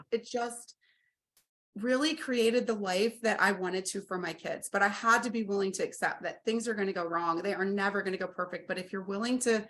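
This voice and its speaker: A woman in her forties, telling her story as an interview guest and acting out quoted dialogue with energy. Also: fairly high pitch. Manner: animated, acts out quoted dialogue. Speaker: guest, RV business owner.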